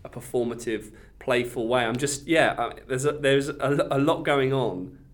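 A man's voice: mid-range voice, normal speed. Man, podcast co-host, casual film talk, thoughtful, hesitant, lots of fillers. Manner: thoughtful, hesitant, many fillers and trailing phrases.

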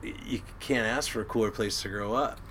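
Bright-voiced storytelling fisherman. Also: lowish voice, fairly quick, husky. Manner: animated storyteller who acts out quotes and laughs. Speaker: crab boat captain and guest. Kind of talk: casual storytelling chat.

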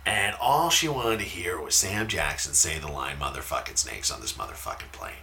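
A man in his thirties casually telling funny stories in a podcast chat, swearing freely and shouting out the lines of the people he quotes. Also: rumbling low, expressive, normal speed, vocal fry, slight background noise. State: talking quietly at times because his wife sleeps.

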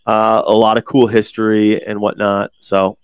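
A man's voice: lowish voice, level tone, normal speed, smooth, no room sound. A man in his forties hosting a casual podcast chat, rambling and swearing, with lots of restarts. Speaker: podcast host.

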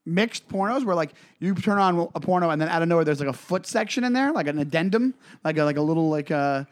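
A man's voice: a little high, animated, fast. A man co-hosting a comedy podcast, rambling through stories with lots of filler words. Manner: rambling, filler-heavy storytelling. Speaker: podcast co-host. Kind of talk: casual comedic chat.

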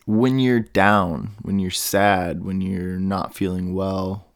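A man's voice: low voice, steady tone, slow, clear, resonant tone, no echo, studio quality. A man hosting a solo podcast, thinking aloud in a meandering way with many fillers and restarts. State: has the hiccups. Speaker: podcast host. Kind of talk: rambling solo podcast monologue.

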